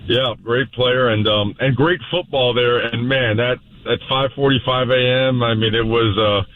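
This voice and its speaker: A man's voice: mid-range voice, fairly even intonation, measured pace, no echo. A man, a head football coach, talking bluntly on a radio interview and breaking down plays in coaching jargon. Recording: tinny phone line.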